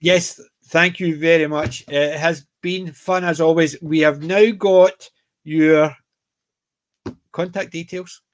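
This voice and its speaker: A man's voice: fairly high pitch, steady tone, slow. A Scottish man co-hosting a casual panel chat, rambling and jokey, full of anecdotes. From Scotland. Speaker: podcast co-host.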